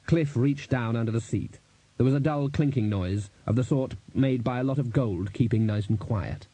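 A man narrating an audiobook in a measured, even storytelling manner, giving each character a voice. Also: medium pitch, breathy edge, no room sound.

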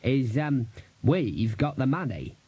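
A man putting on a nervous, whiny young roadie who hesitates over every word. The voice drags slowly, husky and mellow, in a dry close recording. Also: medium pitch, very animated, dry recording, dull audio, exaggerated voice. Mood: anxious.

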